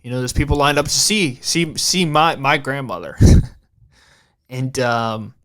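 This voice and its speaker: Young man telling a halting story. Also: mid-range voice, sharp tone, smooth. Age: young adult. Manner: halting and repetitive, restarting phrases, casual swearing. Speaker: podcast host. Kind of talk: personal storytelling on a podcast.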